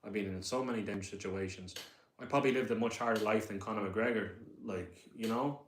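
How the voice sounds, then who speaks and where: Speaking a little fast in a lowish voice, a young Irishman with a Dublin accent chats on a live stream with some slight background noise. He rambles along, reading viewer comments aloud and talking back.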